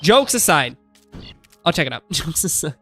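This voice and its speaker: A man's voice: on the high side, big pitch swings, normal speed, sharp tone, faint music behind. A man in his thirties chatting casually on a live stream, rambling through asides and laughing often.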